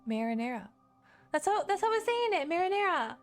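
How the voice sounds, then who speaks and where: A woman's voice: very high voice, expressive, rapid-fire, in a large hall, faint music behind. A woman streamer chatting casually and playfully, giggling and repeating words over and over. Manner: playful and giggly, drilling one word over and over. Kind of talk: casual live-stream chat.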